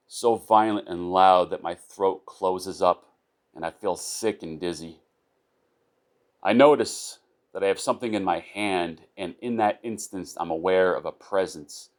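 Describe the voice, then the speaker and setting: A man reading his own short story aloud in the first person, with an unpolished delivery and small restarts. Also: sits low.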